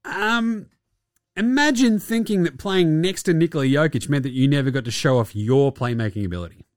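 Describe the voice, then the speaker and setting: Swearing sarcastic podcast host. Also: male voice, fairly high pitch, a little fast, no echo, studio quality. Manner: crude, sarcastic, swears and laughs often. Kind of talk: casual basketball chat.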